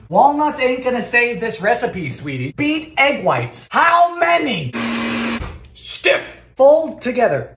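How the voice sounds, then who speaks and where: A man cooking in his home kitchen, trading dry sarcastic quips with sudden shouted outbursts. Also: high voice, echoey room, a little hiss or hum. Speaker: comedy cooking host. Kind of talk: quick comic cooking commentary.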